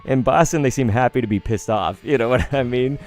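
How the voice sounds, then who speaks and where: A man in his thirties chatting casually on a card-opening live stream, rambling between stories and bursting into excited outbursts. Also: mid-range voice, a little fast, faint music behind.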